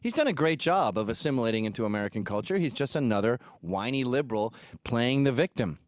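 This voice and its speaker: A man's voice: mid-range voice, expressive, quick pace, dry recording. A man from England hosting a commentary show, reacting to video clips in a crude, sarcastic and mocking way. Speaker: host.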